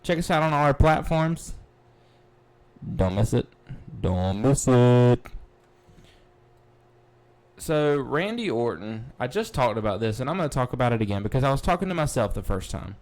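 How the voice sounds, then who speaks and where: Excitable man recapping wrestling. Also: medium pitch, quick pace, few pauses. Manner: excitable, blunt, swears freely. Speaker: podcast host. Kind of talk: casual wrestling recap livestream.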